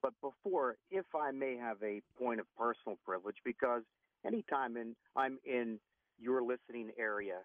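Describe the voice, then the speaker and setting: A man's voice: mid-range voice, moderate pace, no room sound. A man, a union official calling in to a radio show, speaking courteously and formally. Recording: tinny phone line.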